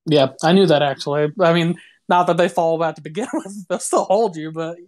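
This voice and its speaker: Hesitant podcast co-host, mid pitch. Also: fairly quick, a little mellow. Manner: hesitant, restarts sentences, laughs along. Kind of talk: casual podcast chat.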